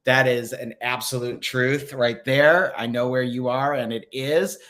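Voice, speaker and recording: A man's voice: mid-range voice, fairly even intonation, measured pace, a bit bright. A man hosting a spiritual direction livestream in casual chat, reading viewer comments aloud with many fillers and upbeat encouragement.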